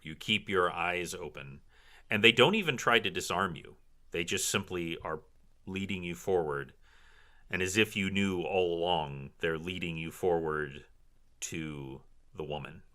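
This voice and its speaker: A man narrating a tabletop fantasy game as dungeon master, telling the scene with dramatic flair. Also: deep voice. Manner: animated, dramatic storytelling.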